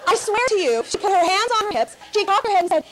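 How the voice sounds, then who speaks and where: A woman keynote speaker telling a comic story to an audience, animated and laughing as she talks. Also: fast talker, noisy background. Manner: animated, laughing, high-energy.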